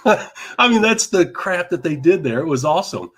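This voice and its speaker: A man co-hosting a casual live talk show, telling a long story in an animated way, laughing often and repeating himself. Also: high-pitched, moderate pace, husky. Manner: animated, laughing, repeats words, mild cursing. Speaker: podcast co-host.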